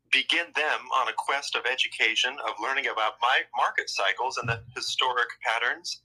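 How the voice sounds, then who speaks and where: A man's voice: medium pitch, pushed and bright, rough recording. A man speaking casually as a guest on a live online audio call, rambling and repeating phrases.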